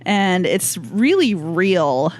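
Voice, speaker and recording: A woman's voice: fairly low pitch, sing-song, very slow. A woman, a stand-up comedian guest, telling stories in casual podcast chat and laughing often.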